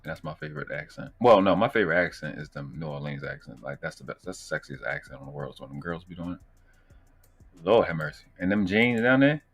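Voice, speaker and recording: A man's voice: rumbling low, animated, fast talker, vocal fry, few pauses, fairly bright tone, soft background music. A man with a Baltimore accent hosting a live stream, talking loose and profane, rambling with slang. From Baltimore, USA. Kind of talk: casual live stream commentary.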